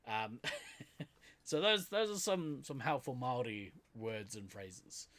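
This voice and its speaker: A man's voice: medium pitch, big pitch swings, slow pace, a bit bright. A man with a New Zealand accent, co-hosting a podcast in casual chat. He laughs often and trails off with fillers. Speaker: podcast co-host.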